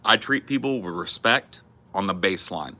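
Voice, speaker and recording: Blunt, forceful low-voiced man. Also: animated, moderate pace. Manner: blunt, profane and emphatic. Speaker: streamer host. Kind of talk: casual chat answering viewers.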